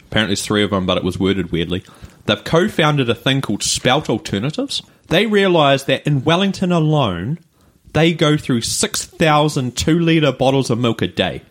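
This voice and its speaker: A man's voice: medium pitch, fairly bright tone. Chatty New Zealand man telling stories. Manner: rambling anecdotes with fillers and laughs. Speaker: podcast co-host. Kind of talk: casual chat, storytelling.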